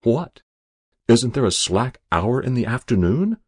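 A man playing a blustering gentleman angler. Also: medium pitch, very animated, measured pace, breathy edge. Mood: exasperated. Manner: exclamatory and huffy.

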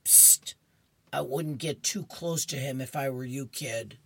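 A woman playing a know-it-all comic-strip man with a deep, husky voice. He speaks slowly and matter-of-factly, in a close, dry sound. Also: no room sound, exaggerated voice. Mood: confiding.

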